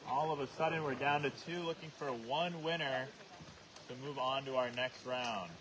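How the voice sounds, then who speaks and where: A man hosting an outdoor challenge, explaining rules and calling the action in a steady, instructive way. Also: mid-range voice, moderate pace, crowd noise. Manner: steady, instructive, calls himself monotone. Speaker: challenge host. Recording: noisy on-location recording.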